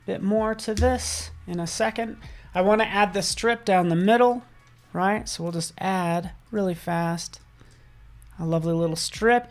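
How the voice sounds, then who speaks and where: A design instructor with a high-sitting voice runs a live software tutorial while working on a drawing. He stays upbeat and chatty, frequently checking in with "right?"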